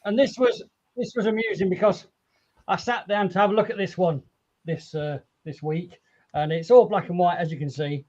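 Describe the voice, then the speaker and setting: Man, high voice, eager show-and-tell, muffled lo-fi call sound. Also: steady tone, moderate pace, darkish tone. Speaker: panelist. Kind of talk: casual chat.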